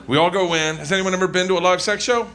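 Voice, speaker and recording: A man doing a stand-up comedy set on stage, loud and excitable, swearing freely and laughing through his lines. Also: high voice, fast. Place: comedy stage before an audience.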